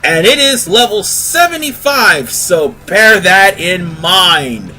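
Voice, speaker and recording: Man, casual let's-play commentary, rambling, self-correcting, bright tense voice. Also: high voice, sing-song, slow, faint music behind. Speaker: gaming video host.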